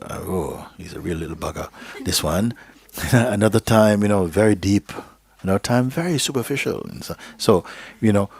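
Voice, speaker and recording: Deep, husky-voiced male spiritual teacher. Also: dry recording. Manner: slow, gentle, drifting into a soft whisper at times; checks in with listeners with "okay?" and "you see?". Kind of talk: live spiritual teaching to an audience. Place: live gathering hall.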